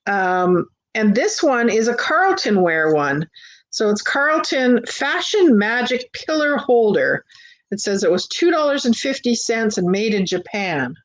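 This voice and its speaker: A woman's voice: fairly high pitch, sing-song. A woman hosting a live vintage sale from her home, chatting casually with fillers as she shows each item. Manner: chatty, unhurried, with frequent fillers and restarts. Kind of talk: casual live-stream selling. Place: home on a busy street.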